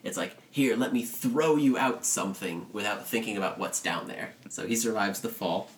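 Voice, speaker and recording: Low-voiced sarcastic man recapping a movie. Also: normal speed. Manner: joking, sarcastic, acts out characters' lines. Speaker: podcast co-host. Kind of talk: casual movie recap chat.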